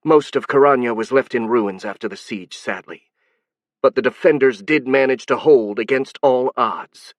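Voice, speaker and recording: A man reading an audiobook, voicing a calm young woman strategist who explains things in a measured way. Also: medium pitch, no room sound, lightly acted. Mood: explaining. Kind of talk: audiobook narration.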